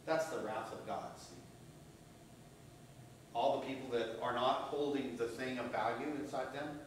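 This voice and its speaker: Pastor guy preaching, loud then hushed, keeps saying right?, super echoey church hall, mic far off. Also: mid-range voice, fairly even intonation, unhurried. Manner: swings from loud emphatic preaching to hushed near-whispers; asks the congregation "right?" often. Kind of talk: sermon. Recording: very echoey room, voice from off-mic, faint hum.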